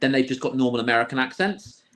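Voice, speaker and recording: A man's voice: mid-range voice, fast, fairly bright tone. Chatty man thinking aloud. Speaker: podcast co-host. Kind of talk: casual film-review chat.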